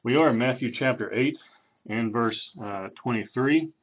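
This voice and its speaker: A man's voice: medium pitch, normal speed. Guy preaching a bible study, laid back with lots of uhs, sounds like a phone line. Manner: relaxed, chatty, with fillers and self-corrections. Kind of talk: conversational Bible teaching.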